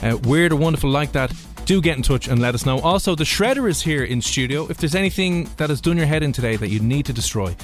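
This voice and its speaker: A man's voice: a little high, animated, fast, few pauses. Man, radio host, teasing, jokey, faint music bed. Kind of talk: radio show hosting and banter. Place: radio studio.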